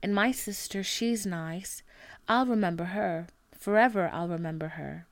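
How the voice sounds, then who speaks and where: A woman reading the lines of a blunt, lonely male Irish farmer in a flat, plain way. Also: mid-range voice, a little slow, no room sound, close to an everyday voice. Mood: stubborn.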